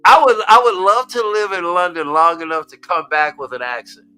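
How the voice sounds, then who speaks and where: An American man hosting a stream, talking in a casual, animated way that keeps repeating words. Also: high voice, a little fast, clean tone. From United States. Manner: animated, excitable, repeats words, laughs often. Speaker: stream host. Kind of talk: casual chat.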